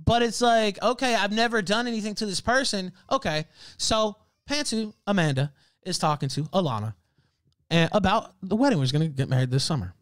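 High, animated man ranting profanely. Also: fairly quick, dry recording. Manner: profane, heated ranting with frequent laughs. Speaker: livestream host. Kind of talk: ranting casual talk.

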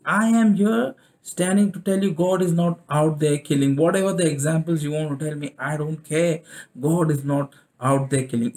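A man's voice: on the high side, darkish tone. A middle-aged man preaching a sermon, repeating phrases for emphasis and asking the listeners questions.

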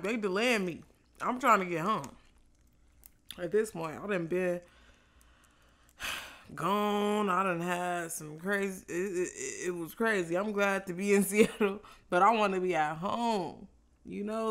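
A woman vlogger telling a casual story while eating, loose and profane, with animated reenacted exchanges. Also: lowish voice.

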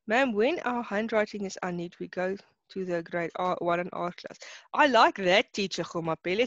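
A young woman with a South African accent teaches an online class, chatty and quick to laugh, sprinkling in Afrikaans words. Her voice is medium-pitched, and the audio is dull with no echo.

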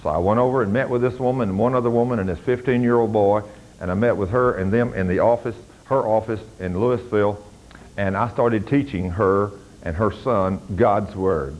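An older man, preaching a sermon as a pastor and rising to loud, fervent commands. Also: on the low side, moderate pace, poor audio.

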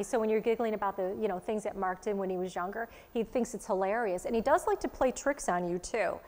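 Woman medium chatting thru readings, middle pitch, long studio reverb ringing. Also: a little mellow. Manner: chatty, quick, relaying messages in asides. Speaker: psychic medium guest. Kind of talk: giving live readings to a studio audience.

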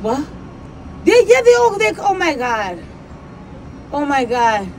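A woman's voice: sits high, very animated, slow pace, slight background noise, low-quality recording. A woman rehearsing a comic persona, talking in a theatrical, profane way with mock outrage. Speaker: comedic performer.

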